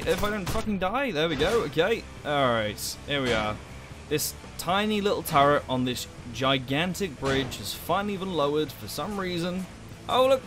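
A young man giving sweary, sarcastic commentary while playing a game as a let's play host. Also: on the high side. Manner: sweary, sarcastic, exasperated outbursts. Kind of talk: gameplay commentary.

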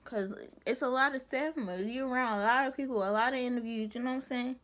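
A young woman vlogger chatting casually, emphatic and animated with rhetorical asides. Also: on the high side, quick pace. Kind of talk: casual commentary chat.

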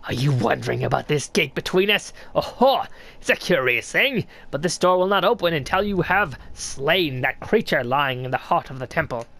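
A man's voice: on the high side, animated, moderate pace, vocal fry, fairly bright tone. Man doing a sly old snail shaman. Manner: theatrical, mock-gracious reading.

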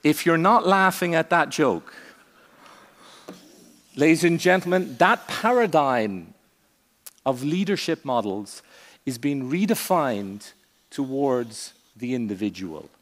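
A man giving a conference keynote speech on a stage, with a theatrical, varied delivery, long pauses and punchy asides. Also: on the high side, expressive, fairly bright tone, big-room sound. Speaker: keynote speaker.

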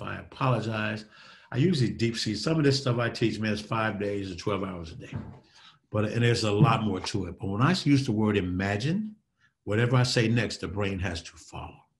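A man giving a motivational talk in an interview, speaking in a dynamic, preacher-like way that swings between loud and soft. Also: on the low side. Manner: dynamic, preacher-like delivery with sweeping shifts in loudness.

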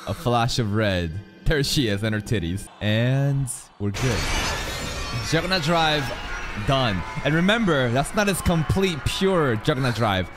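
A man giving casual, excitable reaction commentary as an anime streamer, swinging from loud outbursts to low mutters. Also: measured pace. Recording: anime music audible underneath. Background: anime soundtrack playing.

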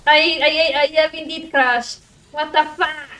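A woman streamer chatting casually with her viewers while she plays, excitable, laughing often and swearing when frustrated. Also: sits high, measured pace, far from the mic. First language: Italian. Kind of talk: casual live-stream chat while gaming.

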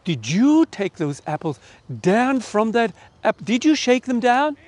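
A man with an Australian accent voicing a kind but stern mother, questioning her son firmly and then speaking gently during a children's story. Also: extremely high pitch, big pitch swings, measured pace, no echo, pitched above the performer's own voice, full character voice.

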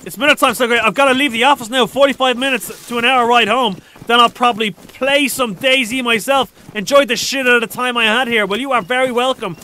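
A man live-streaming a survival game, talking fast and loose, swearing, joking and reading chat messages aloud with high energy. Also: fairly even intonation, pushed and bright.

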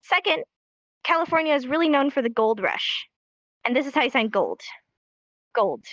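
A woman's voice: high voice, expressive, normal speed, a bit bright, no echo. A woman teaching a live online sign language class in an upbeat, encouraging way, recorded as dull lo-fi stream audio.

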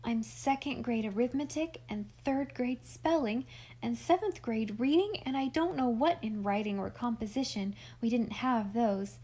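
A woman's voice: a little high, measured pace, dark tone, breathy edge. A woman voicing a shy, earnest little girl in an audiobook reading, complaining and eager by turns.

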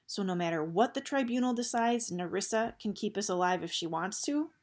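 A woman's voice: medium pitch, animated, fairly quick, darkish tone, lightly acted. A woman voicing a stubborn, earnest young boy who talks in plain, blunt words. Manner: plain, blunt everyday speech.

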